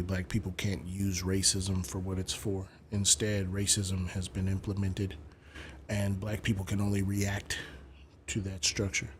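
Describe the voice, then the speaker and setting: Male streamer host, lowish voice, lectures callers with emphatic, blunt delivery. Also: slight background noise. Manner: lecturing, emphatic, swears casually. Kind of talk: live-stream debate commentary.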